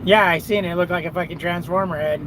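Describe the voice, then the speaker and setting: A truck driver live streams from his cab, rambling and cursing freely as he talks to his viewers and his dog. His high voice is a bit bright and fairly even, delivered at a quick pace, in a low-quality recording with slight background noise.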